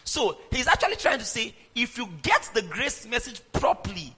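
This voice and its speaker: A husky, very high voice carries this pastor's sermon at a normal pace through an echoey, long-reverb hall. He preaches with animation, getting the congregation to repeat his lines in call-and-response.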